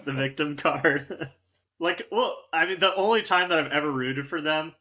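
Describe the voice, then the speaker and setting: A man co-hosting a casual sports podcast in a laid-back, rambling way, laughing easily. His voice is bright and sits a little high for a man. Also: moderate pace, slight background noise. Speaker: podcast co-host.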